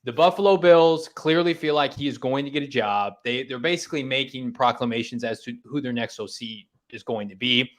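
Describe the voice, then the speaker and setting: A man's voice: mid-range voice, fairly bright tone. A man co-hosting a sports talk show, casually breaking down betting odds and coaching moves. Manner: analytical, talks through betting odds with restarts.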